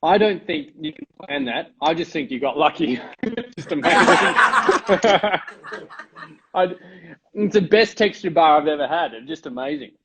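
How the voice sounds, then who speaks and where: A man's voice: a little high, expressive, brisk, background noise. A man hosts a casual live-stream chat and gushes with enthusiasm. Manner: gushing, enthusiastic. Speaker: host.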